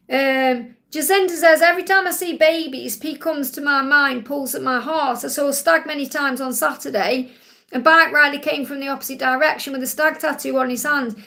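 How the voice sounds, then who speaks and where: A woman's voice: high-pitched, fairly bright tone. A woman hosting a live spiritual reading stream on a tablet, relaying messages in a soothing, reassuring way. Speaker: psychic reader hosting a live Q&A.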